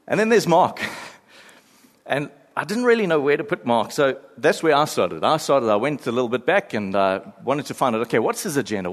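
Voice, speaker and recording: Animated preacher in a reverberant hall. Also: male voice, medium pitch. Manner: animated storyteller, acts out quoted voices with laughs. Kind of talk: sermon.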